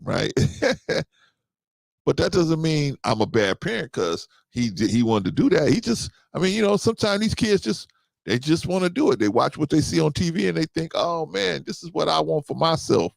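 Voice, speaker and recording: Man, about fifty, gravelly voice, lively pitch, casual podcast talk, keeps asking "right?". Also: dry recording. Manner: conversational, repeats himself, often asks "right?". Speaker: podcast host.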